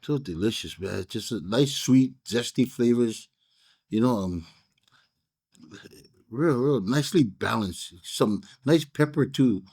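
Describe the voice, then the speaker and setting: A man's voice: medium pitch, lively intonation, slow pace, vocal fry, a little mellow, breathy edge. A man with a Hawaiian pidgin accent, chatting casually and telling a rambling story while reviewing a cigar, full of fillers and restarts. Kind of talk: casual chat.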